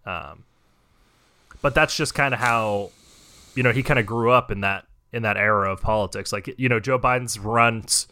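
A man's voice: on the low side, moderate pace, sharp tone, clean tone. A young man hosting a podcast, ranting in heated, profane casual chat. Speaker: podcast host.

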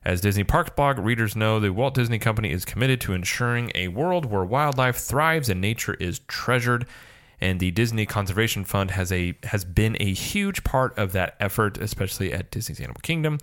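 A man's voice: fairly low pitch, expressive, a bit bright. A man co-hosting a casual podcast, reading news aloud at length and breaking into playful jokes. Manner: jokey, quick asides, playful exaggerated voices. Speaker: podcast co-host.

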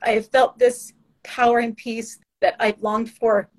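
A woman giving a heartfelt, earnest faith testimony, emotional and halting with restarts. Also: on the high side, flat delivery, poor audio. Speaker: guest sharing faith testimony.

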